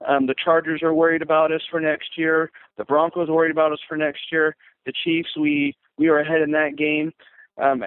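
Halting fan caller, flat phone voice. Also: male voice, a little high, dry recording. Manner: halting, filler-heavy. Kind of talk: fan call-in. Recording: tinny phone line.

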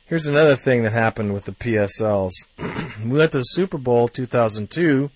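A man ranting as a fan commentator, blunt and quick to swear, working himself up into heated outbursts. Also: mid-range voice, dry recording.

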